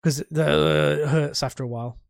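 A man chatting casually on a podcast, his voice a bit higher than most men's. He talks in a halting, rambling way and restarts sentences often, recorded close and dry. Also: steady tone, vocal fry, no room sound. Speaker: podcast co-host. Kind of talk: casual chat.

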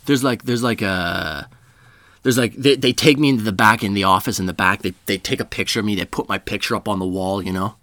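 A man's voice: on the low side, brisk, a bit bright, no echo. A man telling a comedic story in a rambling, profane way, laughing at his own jokes.

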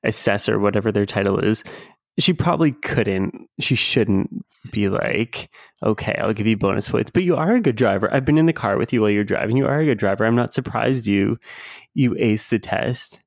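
A man's voice: fairly low pitch, moderate pace, vocal fry, dry recording, studio quality. A man co-hosting a casual chat, reacting and reading posts aloud in an easygoing way. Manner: relaxed, reacts with short remarks and reads posts aloud.

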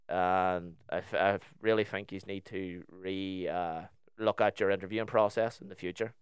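Young man, northern irish accent, casual storytelling, acts out both voices, low voice, dry close sound. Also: unhurried, clear, resonant tone, no room sound.

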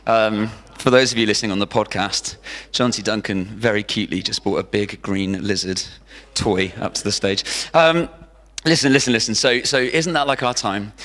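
A man preaching a sermon from a church stage, lively and animated, often repeating key phrases for emphasis. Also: fairly low pitch. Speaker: pastor. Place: church hall with an audience. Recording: long hall reverb.

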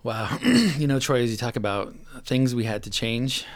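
A man sharing his recovery story in a casual podcast chat, animated and acting out the voices he quotes. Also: mid-range voice, moderate pace.

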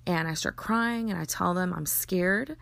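A woman's voice: lowish voice, moderate pace, vocal fry, fairly bright tone, dry recording. A woman earnestly telling a personal story, acting out the dialogue and often restarting her sentences. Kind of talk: personal story told in conversation.

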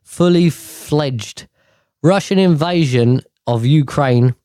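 A man's voice: fairly high pitch, takes it slowly, warm tone, no echo, clean studio sound. A man hosting a casual monologue, chatty and rambling, correcting himself as he goes. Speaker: host.

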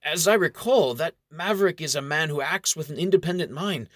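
A man's voice: fairly high pitch, brisk, no echo, studio quality, pitched above the performer's own voice, natural voice. A man reading the part of a cautious knight who questions his lord's plans. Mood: wary questioning. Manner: questioning, wary. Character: cautious doubting male knight advisor. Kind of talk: audiobook character reading.

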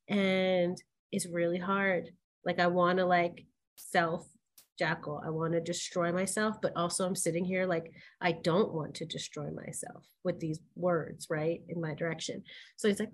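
A woman co-hosting a podcast, telling a personal story in candid, animated chat full of "like" fillers and quick laughs. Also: lowish voice. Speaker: podcast co-host.

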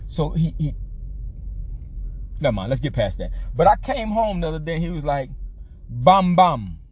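A man's voice: fairly high pitch, very animated, fairly quick, dark tone, husky. A man hosting a podcast in a loose, profane, joking monologue. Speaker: podcast host. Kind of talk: casual monologue.

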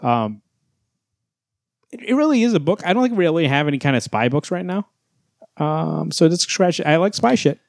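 A man's voice: fairly high pitch, very animated, normal speed, vocal fry, long pauses, darkish tone, no echo, studio quality. A man co-hosting a podcast in casual chat, teasing his friends and speaking bluntly with plenty of swearing. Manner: teasing, blunt, curses freely. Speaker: podcast co-host.

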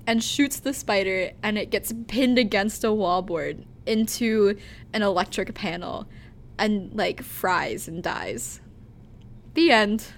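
A woman co-hosting a podcast, telling a story in animated, giggly casual chat with lots of "like.". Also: mid-range voice, a little hiss or hum. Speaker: podcast co-host.

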